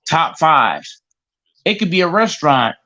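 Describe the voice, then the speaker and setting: A man's voice: on the high side, very animated, measured pace, sharp tone. A man in casual podcast chat who stammers and repeats words as he talks. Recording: dull lo-fi recording.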